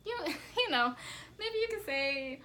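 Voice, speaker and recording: A woman's voice: high voice, slow pace, slight background noise, poor audio. Earnest woman in casual discussion. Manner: earnest, animated when quoting others. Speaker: college instructor.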